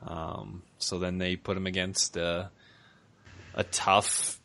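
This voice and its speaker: A man's voice: low-pitched, little pitch movement, slow pace, creaky, bright, forceful tone. A man co-hosting a fight-betting podcast, loose and chuckling as he gives his picks. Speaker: podcast co-host. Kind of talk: casual podcast chat.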